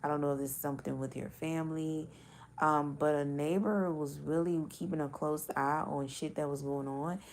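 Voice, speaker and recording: A woman's voice: sits low, steady tone, normal speed, a little hiss or hum. A woman giving a casual intuitive reading, talking loosely and bluntly with swearing and many filler words. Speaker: spiritual card reader.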